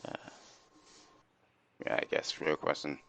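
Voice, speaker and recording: A man playing in character in a tabletop game, hesitant and deadpan. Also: unhurried. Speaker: player.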